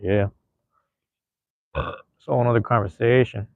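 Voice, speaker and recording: A man's voice: mid-range voice, fairly even intonation, measured pace, creaky, a little mellow, dry recording, highs cut off. A man hosting a casual solo livestream, rambling in a laid-back, slangy way. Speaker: livestream host.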